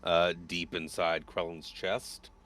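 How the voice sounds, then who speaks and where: Slow, deep-voiced game master man. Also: flat delivery, a bit bright. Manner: laid-back, filler-heavy, unhurried. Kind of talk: casual chat wrapping up a tabletop game session.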